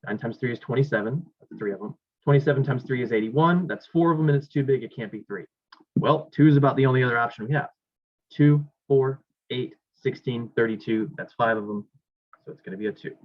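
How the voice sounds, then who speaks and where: During a classroom math lecture, a man talks fairly quickly in a mid-range voice while writing problems on the board. He thinks out loud and corrects himself, and the recording is dull and lo-fi.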